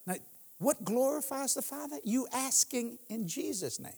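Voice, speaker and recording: Guy in his 60s preaching at church, kinda raspy, pitch bouncing all over, cracking jokes. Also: lively intonation, moderate pace, a little mellow, in a large hall. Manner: humorous storytelling, laughs often. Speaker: guest preacher. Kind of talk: sermon.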